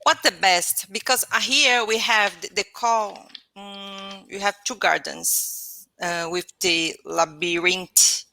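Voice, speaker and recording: A woman's voice: mid-range voice, slow pace, pushed and bright, no echo. A woman with a Portuguese accent and Portuguese as her first language, speaking as a student in an online English lesson. She hesitates, restarts often and searches for words. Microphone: video call.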